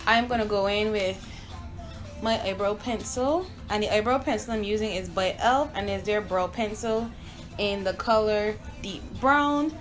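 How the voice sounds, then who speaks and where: A woman's voice: mid-range voice, measured pace, soft background music. A young woman from Barbados with a mixed Barbadian and American accent, chatting casually through a makeup tutorial. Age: young adult. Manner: chatty, relaxed, with fillers. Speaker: beauty vlogger.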